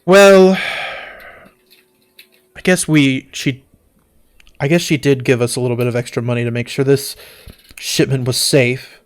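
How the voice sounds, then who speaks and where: A man voicing a blunt, deadpan Goliath woman warrior who speaks slowly and flatly. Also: medium pitch, smooth, natural voice. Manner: flat, slow, deadpan.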